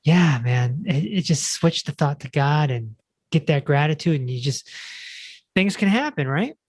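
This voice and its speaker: A man hosting a podcast, talking in a relaxed, reflective way and chatting casually with his guest. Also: a little high, a little slow, slightly rough, no room sound. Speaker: podcast host.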